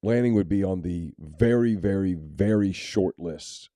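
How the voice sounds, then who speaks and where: Low-voiced guy with a dark mellow tone, opinionated sports podcast chat, dry close mic. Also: unhurried, dry recording. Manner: candid, opinionated, many restarts. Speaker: podcast co-host. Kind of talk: casual sports talk.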